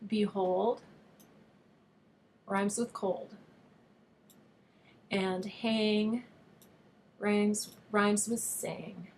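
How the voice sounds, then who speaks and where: Woman teacher doing a video lesson, patient and clear, mid pitch, bit of faint noise behind. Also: fairly even intonation, very slow, pauses often, darkish tone. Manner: patient, explanatory, reads verse with overstressed rhythm. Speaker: online high school teacher.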